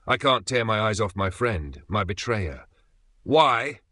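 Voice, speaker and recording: A man narrates a dark thriller in the first person, his lowish voice bright and forceful. The delivery is tense and dramatic, and the recording is close and dry. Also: expressive, normal speed, no echo. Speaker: narrator voicing the father.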